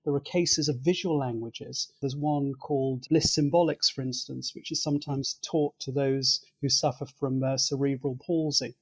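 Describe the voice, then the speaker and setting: A man's voice: mid-range voice, steady tone, moderate pace, few pauses, husky. A man speaking as an expert guest in an interview, explaining his points in a methodical, lecturing way.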